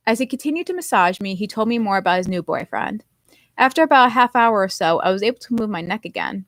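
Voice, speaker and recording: A woman reads her own novel aloud in a lively first-person storytelling voice. Her pitch sits in the middle range. The recording is dry and close, with no room echo. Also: quick pace. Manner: expressive first-person narration. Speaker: author.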